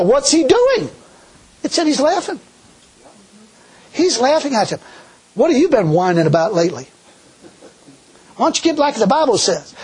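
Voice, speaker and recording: A man preaching a sermon in a folksy, animated way, full of rhetorical questions. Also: extremely high pitch, breathy edge.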